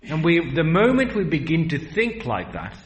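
A man preaching a sermon in an earnest, rhetorical way, slowing down and speeding up for emphasis. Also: fairly high pitch, wildly swooping pitch, reverberant.

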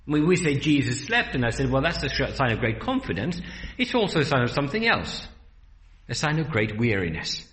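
Man, preacher, sermon, earnest rhetorical delivery, animated pitch, roomy echo. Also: brisk, slight background noise. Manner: earnest, rhetorical, varies pace for emphasis.

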